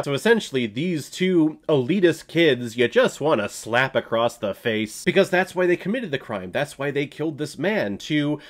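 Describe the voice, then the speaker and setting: A young man giving a casual, jokey spoken film review, laughing and sometimes bursting into loud shouted bits. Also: a little high, lively intonation, normal speed, hardly any pauses. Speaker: movie reviewer.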